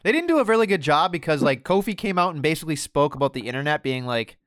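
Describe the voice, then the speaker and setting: High-pitched man, lively profane rant. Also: quick pace, clean tone, dry recording, clean studio sound. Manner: animated, profane, mimics others in quoted bits. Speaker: podcast co-host. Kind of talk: casual wrestling podcast chat.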